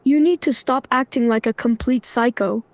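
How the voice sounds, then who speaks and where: A synthetic woman's voice speaking as a stern young man, scolding in a flat, even manner. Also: fairly high pitch, moderate pace, no echo, natural voice. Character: stern young man trying to stop a fight. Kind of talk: AI role-play chatbot voice.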